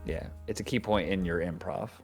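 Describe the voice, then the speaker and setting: A man's voice: low voice, brisk, faint music behind. A man hosting a tabletop game podcast, talking casually and rambling with many restarts. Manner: rambling, restarting, laughing often. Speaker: host and game master.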